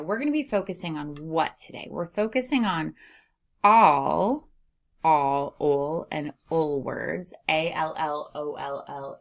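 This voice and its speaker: A woman's voice: low-pitched, creaky. A woman teaching a phonics lesson to young readers, patiently spelling out letters and sounding out words as she reads. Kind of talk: teaching early readers, reading aloud.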